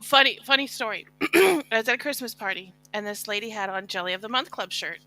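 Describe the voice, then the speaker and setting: A woman's voice: a little high, brisk, pushed and bright, low-quality recording. A woman co-hosting a podcast, telling funny stories with lots of laughter and acted-out quotes. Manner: giggly storyteller, acts out quotes. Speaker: podcast co-host. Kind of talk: casual chat.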